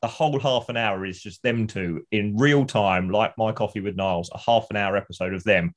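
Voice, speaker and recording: A man's voice: fairly low pitch, a little fast. Man retelling sitcom scenes. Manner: enthusiastic storyteller, acts out scenes. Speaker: podcast co-host. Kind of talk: casual chat.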